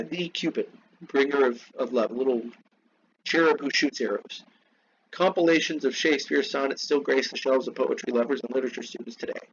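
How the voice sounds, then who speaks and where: Man teaching a class, slow asides. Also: mid-range voice, highs cut off, slight background noise. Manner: slows down to spell out terms, asides to students. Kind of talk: classroom lecture reading from text.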